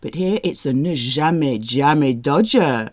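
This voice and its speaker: A woman teaching French, sounding out each example sentence slowly so learners can repeat it. Her voice sits a little low and mellow, with lively rises and falls, especially on questions. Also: no room sound, studio quality. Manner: slow, careful model pronunciation with questioning rises. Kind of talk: language lesson with slow example sentences.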